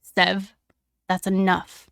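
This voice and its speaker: A woman's voice: medium pitch, monotone, drawn-out words, gravelly, fairly bright tone, smooth, dry recording, clean studio sound, full character voice. A woman voicing a young male hockey player who speaks in a cold, cutting way. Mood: firm.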